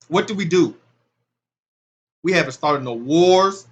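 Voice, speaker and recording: A man's voice: a little high, animated, unhurried, long pauses. A man giving impassioned, casual commentary on scripture, talking in loose street speech that rises into emphatic preaching. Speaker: religious commentator.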